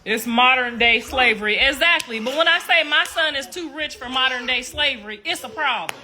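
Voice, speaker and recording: A middle-aged woman hosting a casual livestream, croaky-voiced, talking loudly and laughing as she tells stories to viewers. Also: sits high, normal speed. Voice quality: croaky voice she likens to a frog. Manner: loud, laughing, storytelling, calls viewers y'all. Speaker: livestream host.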